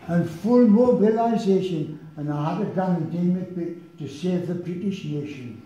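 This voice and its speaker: A man's voice: high-pitched, normal speed, warm tone, natural voice. A man in his nineties reciting a comic poem in the voice of a wry young soldier with a Geordie accent, in a broad, sing-song dialect. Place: village hall. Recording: echoey hall, dull lo-fi sound.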